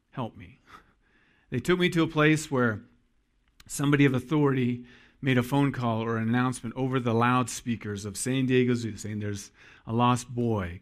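Earnest male pastor telling a story. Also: mid-range voice. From Iowa. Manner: storytelling, earnest, pauses for emphasis. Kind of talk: sermon.

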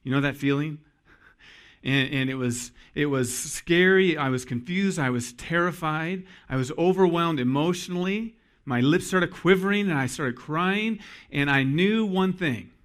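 A man in his forties, a pastor preaching a sermon to his congregation in an earnest storytelling manner, pausing for emphasis. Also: on the high side, fairly bright tone. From Iowa.

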